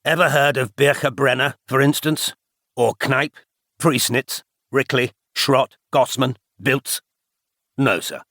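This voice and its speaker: A man's voice: mid-range voice, fairly even intonation, takes it slowly, bright, forceful tone, dry recording, studio quality, pitched above the performer's own voice. A man reading the part of a severe older male spy chief who lectures emphatically. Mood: lecturing.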